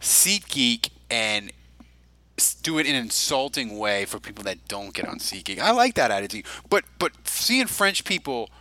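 A male podcast host with a very bright, forceful tone and a lively, swooping pitch. He talks in a loose, rambling way, stacking up fillers and restarting his sentences as he chats with friends. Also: fairly quick, few pauses, no echo, rough recording. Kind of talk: casual chat.

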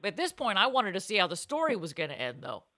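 A woman co-hosting a podcast, telling animated, self-mocking stories in casual chat. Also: medium pitch, fast, no room sound. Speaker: podcast co-host.

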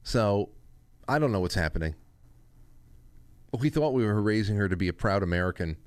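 A man's voice: on the low side, lively intonation, moderate pace, clean tone, dry recording. A man hosting his own show, talking in a rambling, joking, self-deprecating way. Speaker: host. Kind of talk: casual monologue.

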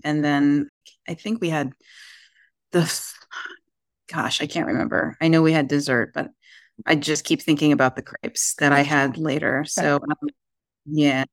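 Woman guesting on a podcast, pretty monotone, trailing off as she tries to remember, dry sound. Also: low-pitched, a little slow, pauses often, dry recording. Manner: hesitant, searching for memories. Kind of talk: casual chat.

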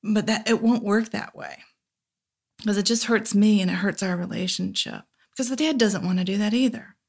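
A woman's voice: mid-range voice, moderate pace, gravelly, darkish tone. Reflective woman therapist talking. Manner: reflective, often tags points with "right?". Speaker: therapist guest. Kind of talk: casual podcast conversation.

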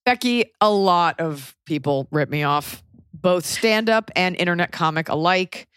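A woman's voice: lowish voice, animated, a little slow, a bit bright, smooth, no echo, studio quality. A woman with a Texan accent, co-hosting a podcast in a rambling, chatty way with lots of fillers. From Texas. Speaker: podcast co-host. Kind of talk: casual podcast chat.

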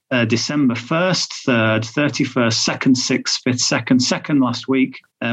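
Chatty man with a dull lo-fi sound. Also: medium pitch. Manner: chatty, thinks aloud with fillers and restarts. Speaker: betting tipster. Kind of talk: podcast chat.

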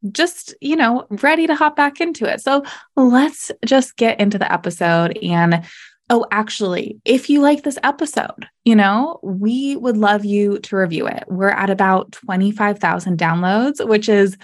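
A woman's voice: mid-range voice, measured pace. A young adult woman hosting a solo podcast, talking casually and candidly, laughing often and filling with "like" and "you know". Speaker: podcast host.

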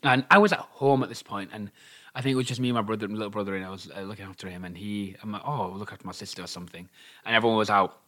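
A young man tells a story in casual chat. His voice is bright and forward. He slips into the voices of the people he quotes and laughs along with the telling. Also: lowish voice, rapid-fire. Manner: animated, acts out quotes, laughs while telling.

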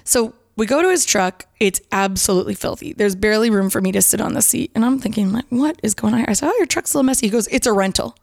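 A young woman tells a story in a casual, chatty way and acts out the other person's lines with sudden swoops up in pitch. Her voice sits in the middle range for a woman. The recording is close and dry, with no room sound. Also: quick pace, creaky, few pauses, no echo. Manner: animated, acts out both sides of conversations with lively pitch jumps. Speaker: storyteller recounting dates.

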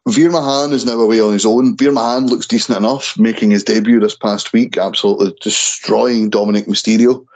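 A man's voice: fairly low pitch, steady tone, brisk, hardly any pauses, a little mellow, poor audio. A man hosting a casual wrestling chat podcast, tripping and restarting over names. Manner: stumbles and repeats words on names. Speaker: podcast host.

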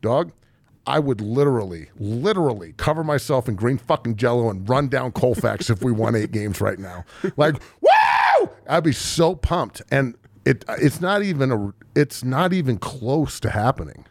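A man's voice: medium pitch, animated, normal speed, gravelly, no room sound. A man in his forties, talking casually about sports as a podcast host, heated, profane and emotional. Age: 40s. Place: studio.

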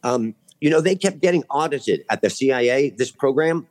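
A man's voice: medium pitch, expressive, moderate pace, a little mellow. A man speaking as a podcast guest in casual chat, earnest and rambling, with frequent restarts, in a studio.

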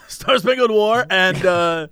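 A young man chatting casually on a podcast, with a high, bright voice. He tells stories with energy and keeps jumping into quick impressions of the people in them. The recording is close and dry. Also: clean tone, no echo. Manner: animated storyteller who acts out quoted voices. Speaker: podcast co-host. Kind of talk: casual chat. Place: Los Angeles area.

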